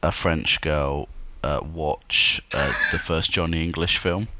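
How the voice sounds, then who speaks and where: A man with an extremely deep voice tells amused anecdotes on a podcast. Faint noise sits under his voice. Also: steady tone, slow pace. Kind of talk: casual chat.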